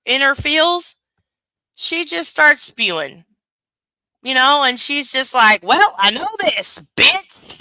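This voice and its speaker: A woman hosting a casual reaction commentary, talking bluntly and profanely. Her voice is bright and forceful. The sound is close and dry, with no room around it. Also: on the high side, clean tone, dry recording. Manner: blunt, profane, laughing, animated. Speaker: commentary channel host.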